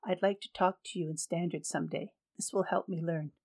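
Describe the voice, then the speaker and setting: A woman voicing a weary, withdrawn wounded man who speaks softly and briefly in a storybook reading. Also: a little high, steady tone, fairly quick. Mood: quiet.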